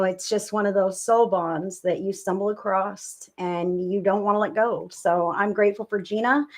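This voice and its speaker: A woman doing live psychic readings on a stream, chatting with viewers in a gushing, affectionate, rambling way. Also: mid-range voice.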